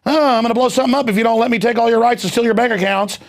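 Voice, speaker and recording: Sneering puppet villain, mock-menacing and shrill; a man does it as a gag. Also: fairly even intonation, very fast. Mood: taunting. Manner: mocking, shrill and taunting. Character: sneering cartoonish terrorist puppet man making threats.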